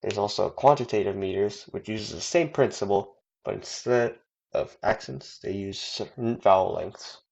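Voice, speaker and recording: A man's voice: lowish voice, normal speed, gravelly, darkish tone. A man reading a prepared lesson with small slips and fillers. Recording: dull lo-fi recording.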